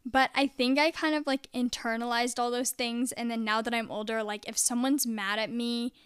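A woman's voice: fairly high pitch, fairly even intonation, moderate pace, fairly bright tone, clear, resonant tone, dry recording, clean studio sound. A young adult woman talking casually to camera in a confessional vlog, chatty and full of "like". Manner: chatty, peppered with "like". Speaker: vlogger.

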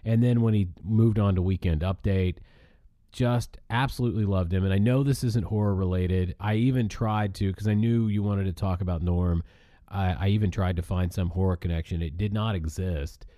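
A man co-hosting a podcast in casual chat, animated and quick to laugh, on a cheap computer mic. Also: low voice. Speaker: podcast co-host.

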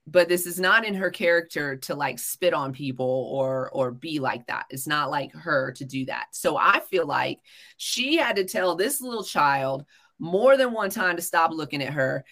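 A woman's voice: low voice, a bit bright. A young woman telling a story in a casual podcast chat, blunt and full of profanity. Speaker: podcast co-host.

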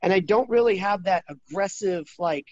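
A man in his thirties talking casually as an interview guest, rambling with many restarts and getting animated when he quotes others. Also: sits high, normal speed, no echo, highs cut off.

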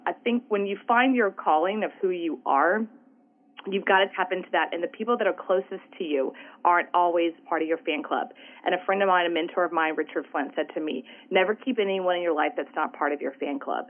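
This Southern-accented woman from Houston, Texas, an entrepreneur, tells stories as an interview guest in an animated, chatty manner, often asking "right?" along the way. Her fairly low voice runs a bit fast through narrow, tinny audio.

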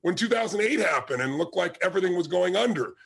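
A man's voice: sits high, lively intonation, quick pace, gravelly, a bit bright, breathy edge. A middle-aged man giving an emphatic motivational talk to his audience, telling stories and punching key words. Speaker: motivational speaker.

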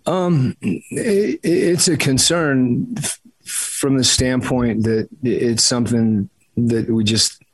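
A male basketball head coach answering press questions after a game, halting and full of fillers. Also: medium pitch, husky, dry recording, low-quality recording. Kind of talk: postgame press conference answers.

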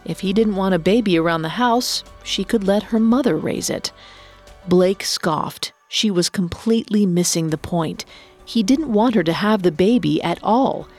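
A woman giving scripted true-crime narration in a measured way, reading quotes aloud in a flat tone. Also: mid-range voice, faint music behind. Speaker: podcast narrator.

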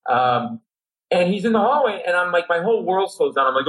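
A middle-aged comedian telling a comic anecdote on a talk show, animated, acting out voices and his own panic. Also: a little high, fairly quick, rough recording. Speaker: comedian guest.

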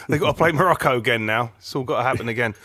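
A man's voice: mid-range voice, pushed and bright. A man co-hosting a podcast, chatting about football in a playful, joking way with lots of restarts. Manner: playful, jokey, stumbling restarts. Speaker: podcast co-host. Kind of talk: casual football chat.

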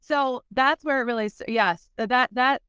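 A woman's voice: fairly high pitch, normal speed, fairly bright tone, clear, resonant tone, no echo, studio quality. A woman guest on a podcast, candidly telling her story in conversation, often saying "like" and acting out what people said. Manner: candid, fills speech with "like", acts out past quotes.

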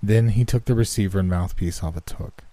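A man narrating a horror story in a measured, steady way. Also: lowish voice. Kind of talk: scripted narration.

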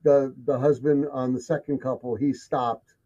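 A man's voice: medium pitch, fairly even intonation, normal speed, mellow. A man telling his encounter stories in casual conversation, emphatic and repeating himself for effect. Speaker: guest telling of sightings. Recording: dull lo-fi sound.

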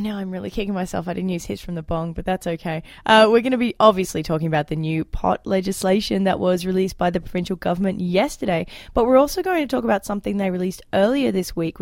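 A woman's voice: mid-range voice, vocal fry, no echo, clean studio sound. A young adult woman hosting a politics podcast in a casual, chatty, self-deprecating way, laughing often. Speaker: podcast host. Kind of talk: casual panel chat.

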